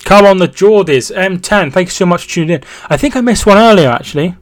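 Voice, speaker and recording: A young man with a high, fast voice and no echo hosts a casual football live stream. He reads chat aloud, thanks viewers, and calls out the match, trailing off and restarting, then shouting excitedly whenever there's a goal.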